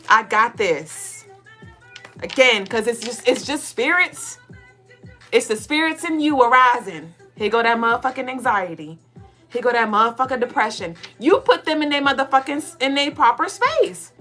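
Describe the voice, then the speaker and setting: Middle-aged woman host, fairly high voice, blunt and preachy, faint music underneath. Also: expressive, normal speed, bright, forceful tone. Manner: profane, preachy, playful, acts out listeners in mock voices. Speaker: spiritual podcast co-host giving a tarot reading. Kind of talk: casual, blunt spiritual pep talk.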